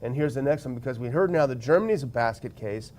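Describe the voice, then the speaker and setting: A man's voice: mid-range voice, lively intonation, quick pace, darkish tone. A man hosting a talk show, giving wry commentary while reading out quotes and describing charts. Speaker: host. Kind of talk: commentary on news clips.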